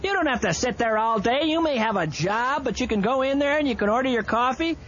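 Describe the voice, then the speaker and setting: A man hosting a late-night radio talk show, doing a rambling, mock-ranting comic ad read with sudden loud outbursts. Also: very high voice, lively intonation, fairly quick. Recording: slightly dull AM radio broadcast with faint hiss.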